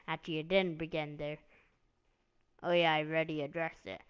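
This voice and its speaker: A woman's voice: sits low, flat delivery, brisk, clean tone. A woman hosting a casual live stream about wrestling, rambling along with lots of "like" and "um" as she recaps storylines. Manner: rambling, meandering, heavy on "like" and "um".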